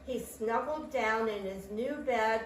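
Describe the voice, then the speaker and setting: Her voice sits a little high as she performs a picture book for kids, going slowly, animatedly, and throwing in sound effects. The room echoes, the microphone is far off, and a faint hiss or hum can be heard.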